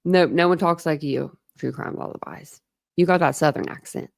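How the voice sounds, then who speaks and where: A woman from Ohio hosts a casual true crime livestream in a chatty, rambling way and reads her viewers' comments aloud. Her voice sits on the low side and has a gravelly, fry-filled texture. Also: normal speed. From Ohio, born in Philadelphia. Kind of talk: casual chat with live chat viewers.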